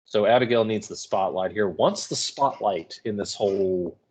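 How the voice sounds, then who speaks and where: A man's voice: on the low side, darkish tone, husky. Casual male student explaining a play. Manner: informal, explanatory, quick asides. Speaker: student reader. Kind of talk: casual literary commentary.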